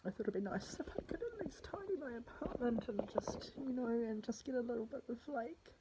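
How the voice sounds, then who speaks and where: A woman's voice: a little high, lively intonation, brisk, noisy background. A distraught woman talking through a personal spoken diary, rambling and swearing, often dropping into a whisper. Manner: drops to a husky whisper.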